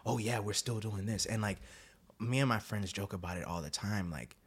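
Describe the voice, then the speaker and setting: A young man hosting a podcast, telling long rambling stories and acting out quotes in sudden high voices. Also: normal speed, husky. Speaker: podcast host. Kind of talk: casual podcast chat.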